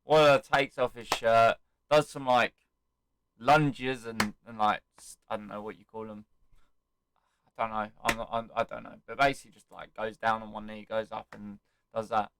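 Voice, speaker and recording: A man's voice: on the low side, steady tone, moderate pace, background noise. A young man recapping an event he attended, telling it animatedly and acting out the quotes and chants. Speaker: wrestling fan vlogger. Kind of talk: excited casual recap.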